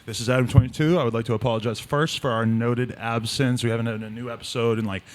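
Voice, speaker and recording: A man's voice: mid-range voice, steady tone, fast talker. Chatty male podcast host. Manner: chatty, eager follow-up questions. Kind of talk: casual interview chat.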